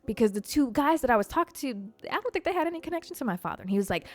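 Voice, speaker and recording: A young adult woman hosting a podcast, telling a story in a casual, profane and animated way, acting out the voices of people in it. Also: mid-range voice, rapid-fire, faint music behind. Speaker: podcast host.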